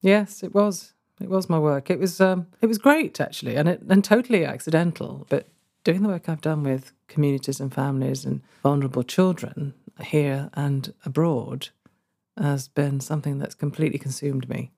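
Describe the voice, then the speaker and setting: Woman with a gravelly, husky voice. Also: sits low, moderate pace. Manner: warm and earnest, laughs often, grows emotional. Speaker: guest, former social care worker. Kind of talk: conversational storytelling.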